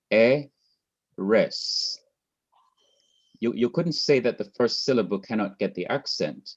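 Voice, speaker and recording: Slow patient Jamaican man teaching. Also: on the low side, highs cut off. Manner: patient, repeats points slowly. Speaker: Hebrew teacher. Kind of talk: online class lecture.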